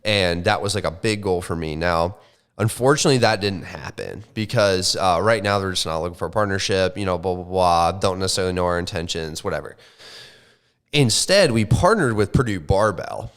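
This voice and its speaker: A young man on a podcast, telling a casual, animated story full of swearing and slang. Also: low-pitched, brisk, clean tone. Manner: animated, swears often, says like and bro. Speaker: podcast co-host.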